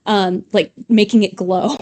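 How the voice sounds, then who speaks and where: A woman's voice: medium pitch, fairly even intonation, a little slow, a little mellow. A woman co-hosting a casual live stream from a home studio, rambling and chatty with frequent fillers and laughs. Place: home studio with LED lights.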